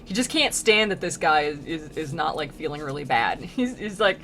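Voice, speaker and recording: A woman's voice: low voice, very animated, moderate pace, few pauses, fairly bright tone, slight background noise. A woman streamer casually reading an old poem aloud and chatting about it, giggling often. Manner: chatty, giggly, lots of fillers.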